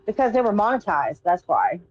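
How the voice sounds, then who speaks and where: A woman's voice: mid-range voice, big pitch swings, brisk, darkish tone, no room sound. Woman on a stream call, matter-of-fact, muffled dry audio. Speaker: caller. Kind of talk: casual call-in chat. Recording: dull, dry lo-fi sound.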